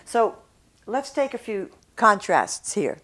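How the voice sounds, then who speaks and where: A woman teaching French pronunciation in a video lesson, explaining clearly and slowly modeling sounds. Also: mid-range voice, big pitch swings, fairly bright tone.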